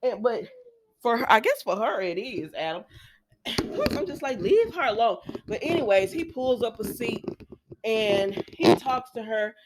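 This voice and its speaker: A woman's voice: on the high side, a little slow, heavy background noise. A woman casually recapping soap opera episodes, chatty and talking straight to her viewers with frequent asides. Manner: talkative, addresses viewers as y'all, frequent asides; lively, acts out quoted lines with laughs.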